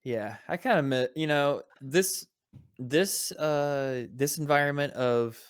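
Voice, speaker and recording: Podcast co-host dude on a video call, rambly, laughs and swears a lot, dry close sound. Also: male voice, on the high side, slow, clear, resonant tone, no echo. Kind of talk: casual chat.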